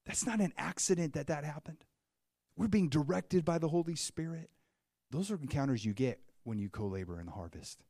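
A man preaching a sermon, telling a story with animated swings between hushed and excited delivery. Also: a little high, brisk, no echo, clean studio sound.

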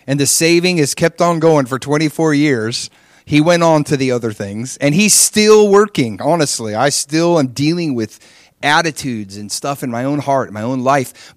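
Man preaching a lively personal testimony. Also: mid-range voice, no room sound, studio quality. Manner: animated storytelling, acts out his own past prayers and dialogue. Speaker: pastor.

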